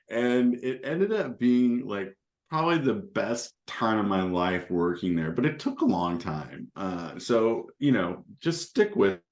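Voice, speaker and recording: Deep-voiced man telling easygoing stories. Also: sing-song, slow pace, a little mellow. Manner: easygoing storyteller, chuckles between points. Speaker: panelist. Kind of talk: casual anecdotal panel talk. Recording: roomy echo.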